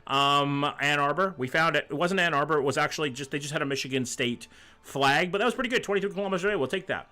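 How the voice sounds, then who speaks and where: Fast and somewhat high, his voice comes across pushed and bright. During casual live-stream chat, this slightly sick man plays a geography game, reads chat aloud, and swears freely.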